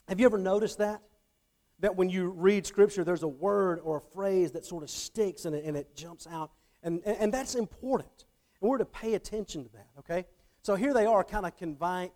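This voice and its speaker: Speaking in a mellow, high voice, a middle-aged man teaches from the Bible in a relaxed, talkative way. Phrases get restarted with repeated words, and he keeps checking in with the people listening.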